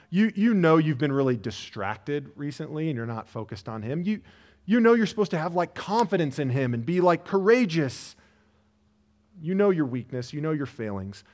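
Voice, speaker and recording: Man, pastor, sermon, earnest and conversational, slightly higher voice. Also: darkish tone. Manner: earnest, conversational preaching with frequent "like" and restarts. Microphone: church sermon recording.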